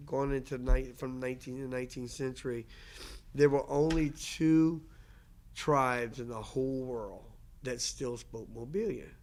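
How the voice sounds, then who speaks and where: Man, casual earnest lecture, conversational, many restarts, average pitch. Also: a little mellow. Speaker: language teacher and lecturer. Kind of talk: casual lecture answering questions.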